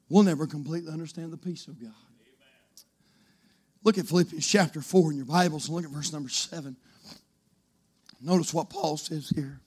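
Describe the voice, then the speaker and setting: A male preacher giving a sermon in church, swinging from shouted exclamations to a hushed near-whisper. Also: on the high side, normal speed, long pauses, husky.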